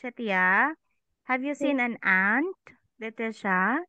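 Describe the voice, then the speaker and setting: A woman's voice: on the high side, slow pace, bright, forceful tone, clean tone, no room sound. A woman English teacher leading an online class for children, patiently asking questions and saying "okay" often. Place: online class over a video call. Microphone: video call microphone. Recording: thin phone-like call audio.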